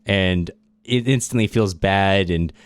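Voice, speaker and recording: A man's voice: low voice, slow pace, clear, resonant tone, no echo. A man co-hosting a casual literature podcast, retelling a plot loosely with fillers and chuckles. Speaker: podcast co-host.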